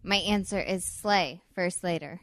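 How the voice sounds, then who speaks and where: A woman's voice: fairly low pitch, a little slow, dry recording, clean studio sound. A woman hosting a show, chatting casually with her partner and often saying "like". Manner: chatty, heavy use of "like", giggly. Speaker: show host.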